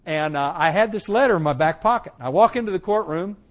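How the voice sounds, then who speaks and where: A middle-aged man giving an animated personal testimony, telling his story dramatically and laughing at times. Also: sits high, brisk. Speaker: testimony speaker.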